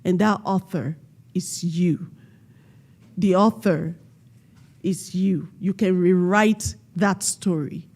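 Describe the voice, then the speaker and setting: Slow, emphatic woman speaker. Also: lowish voice, a little mellow. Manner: call-and-response, quizzing and prompting the audience; slow and emphatic, stressing key words. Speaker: panel speaker. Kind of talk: motivational talk to a live audience. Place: community event hall.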